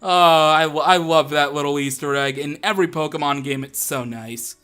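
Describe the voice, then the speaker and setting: A man's voice: a little high, moderate pace, bright, forceful tone, clear, resonant tone, soft background music. A young man hosting a Let's Play, chatting casually and laughing as he plays. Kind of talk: casual gameplay commentary.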